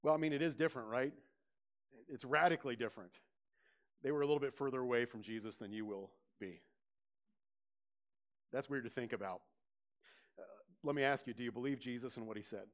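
A man's voice: medium pitch, a little fast, pauses often. A man preaching a sermon, asking his congregation direct questions and lifting his voice on quoted scripture. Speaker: pastor.

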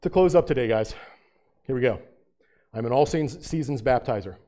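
A man's voice: medium pitch, lively intonation, brisk, warm tone. A man preaching a sermon as pastor, asking his congregation rhetorical questions and rising to fervent emphasis.

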